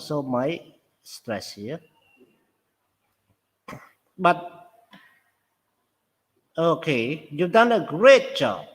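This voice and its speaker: Guy teaching english, reads out example lines then explains, kinda high voice, lots of ups and downs. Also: sing-song, drawn-out words, pauses often, breathy edge. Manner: reads example sentences aloud then explains stress in Khmer. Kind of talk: classroom lesson mixing English and Khmer. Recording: long reverb in the room.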